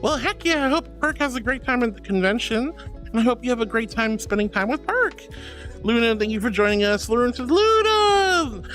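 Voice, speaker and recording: A woman's voice: on the high side, brisk, fairly bright tone, soft background music. A woman streamer chatting casually and reading viewer comments, calling her viewers honey and darling and laughing often. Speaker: VTuber streamer.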